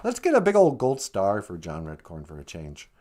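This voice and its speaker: Jokey man co-hosting a podcast, lively pitch. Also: moderate pace. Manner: jokey, breaks into put-on voices. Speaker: podcast co-host. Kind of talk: casual chat.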